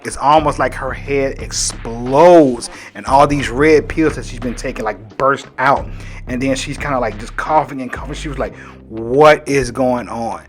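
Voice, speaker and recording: A man's voice: mid-range voice, moderate pace, soft background music. A man hosting a casual comic book recap in a loose, chatty way, leaning on "like" throughout. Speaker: host.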